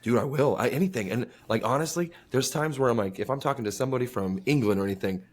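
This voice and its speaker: A man's voice: mid-range voice, quick pace. A man co-hosting a podcast, telling rambling anecdotes with lots of fillers. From Las Vegas. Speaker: podcast co-host. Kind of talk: casual podcast banter.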